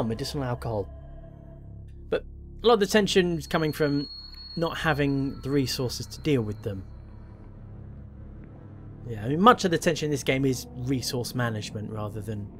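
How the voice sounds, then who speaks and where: A man playing a horror game and commenting on it, wry and self-mocking as he thinks aloud. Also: mid-range voice. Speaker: gameplay commentator. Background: faint game music.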